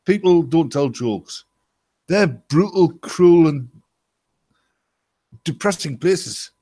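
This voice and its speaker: A man's voice: on the high side, animated, takes it slowly, mellow, dry recording. Guy ranting on a hangout call, blunt and sweary, dry close sound. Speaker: panelist. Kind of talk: casual banter in an online hangout. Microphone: video call.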